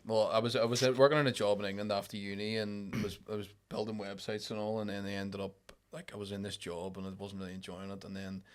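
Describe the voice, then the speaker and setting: Male podcast guest, lower voice, rambling with lots of fillers. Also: level tone, fast, few pauses. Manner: rambling, hesitant, many fillers. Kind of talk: casual chat.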